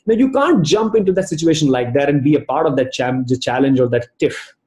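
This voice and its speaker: A man giving a lively motivational training talk over a video call, telling stories and calling on participants by name. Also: a little high, fairly quick, echoey room. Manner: animated storytelling, addresses participants by name. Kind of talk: virtual training session talk.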